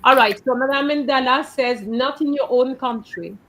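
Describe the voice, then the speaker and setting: A woman's voice: sits high, normal speed, fairly bright tone, rough recording. A woman teaching French in a live online class, patiently going through her students' letters and correcting them one by one over a video call.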